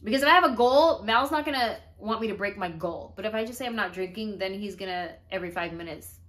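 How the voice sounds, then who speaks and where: Pregnant woman, vlog storyteller, mid-pitch voice, lively delivery that acts out quotes. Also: quick pace. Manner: animated, acts out her own and others' quoted lines. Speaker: vlogger telling her own story. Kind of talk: casual storytelling.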